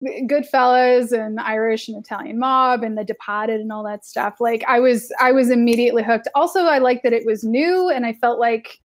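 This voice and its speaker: A young woman on a podcast, chatting casually, heavy on filler words and quick to laugh. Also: on the high side, fairly even intonation. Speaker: podcast co-host. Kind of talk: casual chat.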